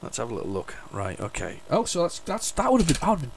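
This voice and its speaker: A mid-range male voice with wildly swooping pitch, a quick pace and some creak, carrying a little hiss or hum. This retro gaming host rambles enthusiastically while playing an old computer game, restarting sentences and humming the game tunes. Faint retro game music sits underneath.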